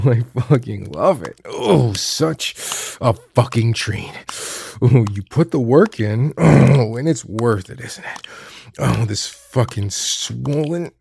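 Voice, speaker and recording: A man performing an intimate audio role-play, speaking in a dominant, murmured way with constant low hums. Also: creaky, darkish tone, slight background noise.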